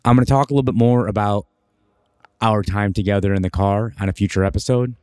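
Low-voiced man telling a road story. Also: quick pace, smooth, dry recording, studio quality. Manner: animated, emphatic storytelling with big rises for emphasis. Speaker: podcast co-host. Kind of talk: casual storytelling.

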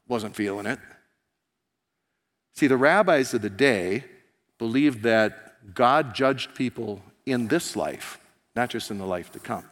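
Preacher in a reverberant church hall. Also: male voice. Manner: animated storytelling, voicing characters with rising pitch and volume. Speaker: pastor. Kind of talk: sermon.

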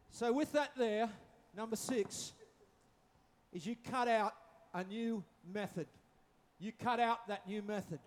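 High-voiced joking preacher man. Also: a little slow, slight background noise. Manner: humorous, acting out quotes, repeats phrases. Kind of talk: sermon.

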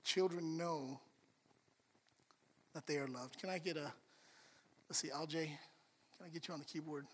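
Middle-aged pastor guy preaching, highish voice, big echoey hall. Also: moderate pace, long pauses. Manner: animated storytelling, swings from soft to loud. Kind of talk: sermon.

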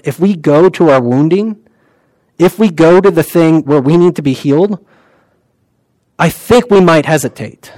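A man preaching a sermon in a conversational way, with many fillers, and reciting prayers softly. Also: fairly high pitch, dry recording, poor audio.

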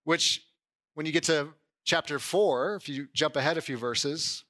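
A man preaching a sermon in a conversational way, often saying "like" and "right?" and getting animated when he voices someone's doubts. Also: fairly high pitch, unhurried. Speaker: pastor.

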